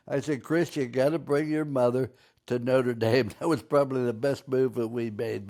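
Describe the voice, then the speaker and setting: An older man hosts a podcast interview, a veteran coach telling stories to his guest. He speaks at a middle pitch and now and then speeds up into animated bursts. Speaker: show host, football coach.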